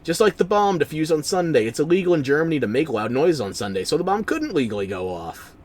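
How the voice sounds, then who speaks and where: A man's voice: a little high, very animated, fast. A man streaming a game, giving casual commentary in a wry, sarcastic way and bantering with chat.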